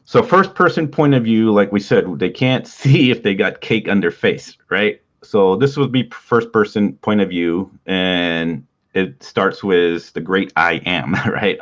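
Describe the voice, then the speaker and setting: A man with a low, deep voice teaches in a loose, casual way, chuckling now and then. His nose is stuffy, and the recording sounds dull and lo-fi. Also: unhurried. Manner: relaxed, rambling, laughs often. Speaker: writing podcast host.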